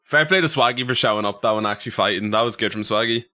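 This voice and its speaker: A man's voice: on the low side, fast talker, sharp tone. A young Irish man chatting on his livestream, reading out chat messages and rambling through funny stories. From Ireland. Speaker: streamer.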